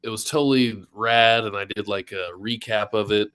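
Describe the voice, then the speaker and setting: A man, a wrestling announcer, guesting on a podcast and telling stories in a relaxed, filler-filled way. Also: fairly low pitch, normal speed, clean tone. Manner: relaxed storyteller, filler-heavy. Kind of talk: casual chat.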